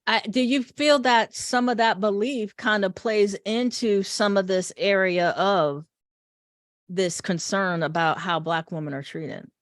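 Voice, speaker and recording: A woman's voice: medium pitch, measured pace, dry recording, clean studio sound. A woman hosting a discussion panel, backing up the guests and asking them questions. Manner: affirming, asks questions.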